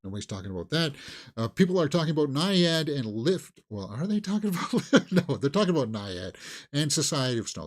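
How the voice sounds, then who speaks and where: A man hosting a movie news channel, chatting casually and rambling with mocking asides and quick put-on quotes. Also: medium pitch. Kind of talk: casual solo commentary.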